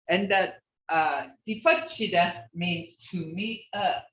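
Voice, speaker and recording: Slow, patient language teacher on a video call. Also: mid-range voice, a bit bright, distant mic. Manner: patient, repeats phrases to model tone. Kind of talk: online class instruction. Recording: roomy, dull video-call audio.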